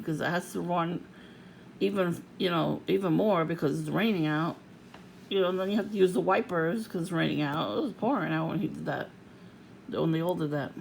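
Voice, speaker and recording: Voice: medium pitch, vocal fry, slight background noise, poor audio. An adult vlogger venting in a casual, profane rant to the camera, laughing often.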